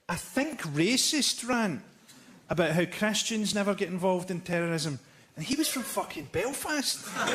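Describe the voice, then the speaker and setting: A man doing live stand-up comedy, with a deadpan, dark, sardonic delivery and mocking impressions. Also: high-pitched. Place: theatre stage before a laughing audience. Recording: live theatre recording with loud crowd noise.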